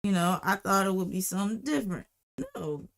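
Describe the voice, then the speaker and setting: A woman's voice: medium pitch, brisk. A woman hosting a livestream, telling a casual, rambling story and repeating phrases for emphasis. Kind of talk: casual storytime while drawing.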